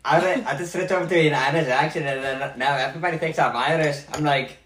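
A man's voice: a little high, fairly even intonation, a little fast, a bit bright. A playful young man joining a casual group podcast chat, goofy and upbeat. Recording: echoey room with faint noise.

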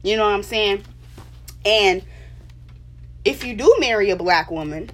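A woman's voice: mid-range voice, sing-song, moderate pace, a bit bright, slight background noise. A woman giving an opinion monologue, passionate and emphatic, lecturing her viewers with small laughs between points. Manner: preachy, lecturing. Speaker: vlogger.

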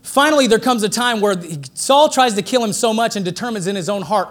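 A man preaching a sermon with a notably high voice. He talks in a relaxed, joking way and builds up excitedly when he drives a point home. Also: brisk, hardly any pauses. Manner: conversational and joking, rising excitedly for emphasis.

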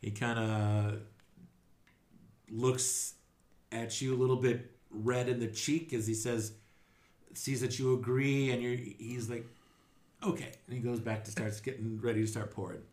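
A man's voice: medium pitch, steady tone, a little slow, darkish tone. Casual male game master in an echoey room. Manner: casual, rambling with fillers, laughs often. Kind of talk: narrating a tabletop game.

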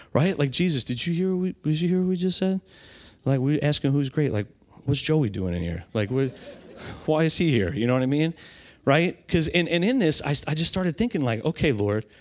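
A middle-aged male pastor preaching a sermon in a loose, conversational way, often tagging his points with "right?". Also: mid-range voice. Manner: conversational, keeps adding "right?".

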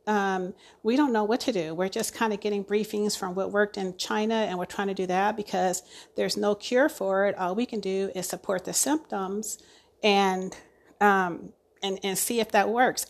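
A woman and ICU nurse giving an emotional, halting personal account, full of fillers and restarts. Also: medium pitch, steady tone. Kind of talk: personal testimony.

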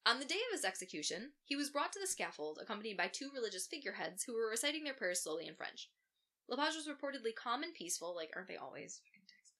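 A woman's voice: fairly high pitch, big pitch swings, fast, sharp tone. A woman co-hosting a podcast, telling a true crime case in a casual way with profane, sarcastic asides. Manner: profane, sarcastic asides while recounting facts.

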